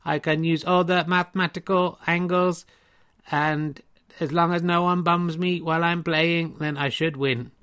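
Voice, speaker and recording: Guy doing a slow flat robot from the future, high and bright. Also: clear, resonant tone. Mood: deadpan. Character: male humanoid robot from the future, vengeful.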